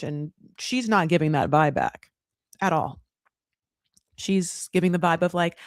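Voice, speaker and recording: A woman hosting a casual reality TV recap, talking in sassy, animated bursts and swearing freely. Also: mid-range voice, moderate pace, no room sound, studio quality.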